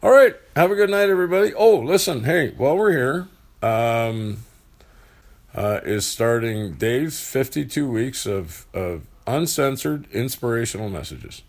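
A man hosting a casual chat, talking in a halting way with lots of fillers and restarts. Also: medium pitch, animated. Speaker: host.

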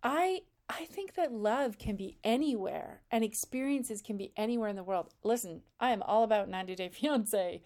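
A woman working as a relationship coach, talking in a blunt, candid and animated way in a direct coaching monologue. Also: on the high side, fairly quick, few pauses.

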